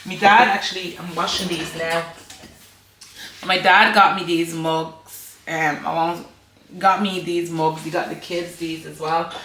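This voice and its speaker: A woman's voice: fairly low pitch, steady tone, a little slow, a bit bright, roomy sound, a little hiss or hum. An Irish woman vlogging casually to camera, chatty and rambling, laughing often. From Ireland.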